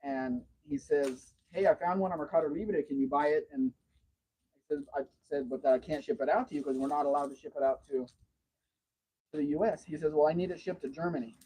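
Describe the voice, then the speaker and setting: A man's voice: a little high, fairly even intonation, brisk, dark tone, husky, rough recording. A man hosting a casual livestream from home, telling long rambling stories in a chatty way. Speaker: livestream host.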